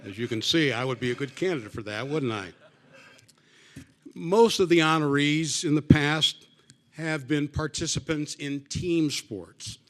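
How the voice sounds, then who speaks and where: A man's voice: fairly high pitch, measured pace, a bit bright. Wry banquet emcee, a man. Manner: wry, joking, conversational. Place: banquet dinner hall.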